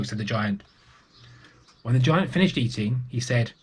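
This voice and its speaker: A man reading a picture book aloud to young children, gentle and unhurried. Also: mid-range voice, breathy edge. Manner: gentle and unhurried, with small restarts.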